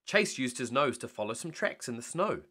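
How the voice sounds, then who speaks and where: Male storyteller, bedtime read-aloud, bright and animated. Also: mid-range voice, normal speed, husky. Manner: animated reading.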